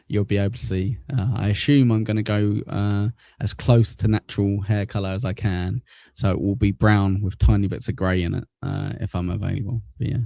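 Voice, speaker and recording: A man's voice: on the low side, fairly even intonation, brisk, vocal fry, few pauses, warm tone, no echo, clean studio sound. A man hosting a casual livestream, chatting and joking as he reads viewer comments aloud, dropping in crude insults. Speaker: livestream news show host. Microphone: desk mic in front of a green screen.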